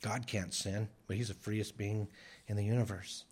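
A man's voice: on the low side, fairly even intonation, moderate pace, darkish tone, slightly rough. Earnest male preacher stressing key phrases. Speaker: pastor. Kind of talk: sermon.

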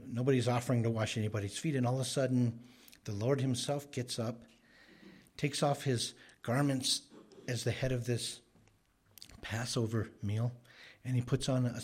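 A man's voice: mid-range voice, a little mellow, breathy edge. A man preaching an expository sermon, speaking emphatically and briefly acting out the characters he quotes.

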